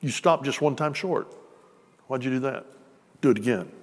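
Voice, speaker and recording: A man's voice: mid-range voice, moderate pace. A man preaching a sermon to a congregation, talking conversationally and joking with them. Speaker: pastor. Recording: long reverb of a church hall.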